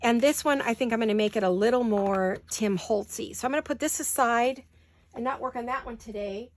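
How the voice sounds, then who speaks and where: Her voice is fairly high and her pace a little quick. A middle-aged craft host working in her home studio, she talks through the tutorial, murmurs asides to herself, and hiccups along the way.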